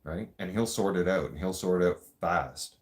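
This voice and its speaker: A man's voice: low voice, moderate pace. A man hosting a podcast, telling stories casually in a blunt, profane way and laughing often. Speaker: podcast host. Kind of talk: casual storytelling.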